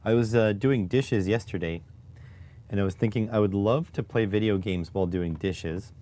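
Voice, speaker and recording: A man casually chatting on a livestream while testing electronics, relaxed and musing, with frequent halting fillers. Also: lowish voice.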